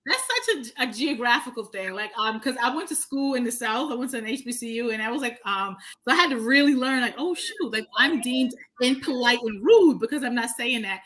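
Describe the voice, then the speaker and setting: A woman's voice: on the high side, brisk, few pauses. A woman from New York with a New York accent, a guest author chatting and telling stories animatedly, acting out what people said. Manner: animated storyteller, acts out quotes. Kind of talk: casual conversation.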